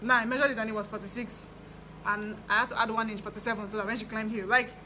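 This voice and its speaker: A young Nigerian woman telling a story from her fashion business in a chatty, animated way. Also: fairly high pitch, fast, slight background noise, poor audio. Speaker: fashion designer vlogger. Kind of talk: casual storytelling.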